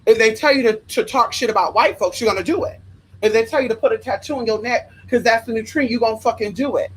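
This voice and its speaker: A woman's voice: fairly high pitch, fast talker, slightly rough, rough recording. Sassy, profane woman ranting on livestream. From Los Angeles. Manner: sassy, profane, emphatic, calls listeners honey. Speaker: livestream host. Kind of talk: spiritual advice rant on livestream.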